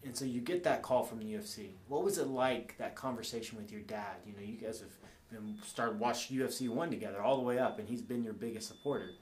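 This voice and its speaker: A man's voice: mid-range voice, fast. A man hosting an interview who asks questions with enthusiasm. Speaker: interviewer, host. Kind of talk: casual interview. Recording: echoey room.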